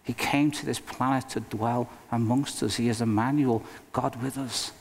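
A male pastor preaching a sermon in an earnest, emphatic way, with dramatic pauses. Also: medium pitch, fairly even intonation, husky. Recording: long reverb of a hall.

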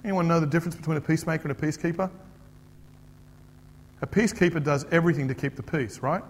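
A man's voice: a little high, quick pace, big-room sound. A middle-aged man with an Australian accent, preaching a chatty, joking sermon and asking the audience questions. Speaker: pastor. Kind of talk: conversational sermon.

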